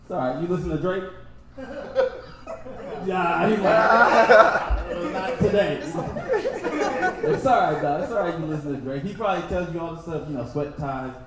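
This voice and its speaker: A man's voice: fairly high pitch, sing-song, moderate pace, far from the mic. A man doing stand-up crowd work at a live show, teasing the audience in a casual, slangy way. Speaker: stand-up comedian. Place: small comedy show venue. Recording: echoey room with audience.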